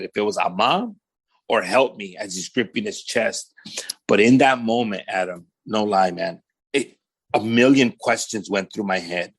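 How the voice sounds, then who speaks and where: This medium-pitched man, with a Southern California accent, tells his testimony in a relaxed storytelling way. He voices the characters he quotes and fills gaps with "man" and "right?".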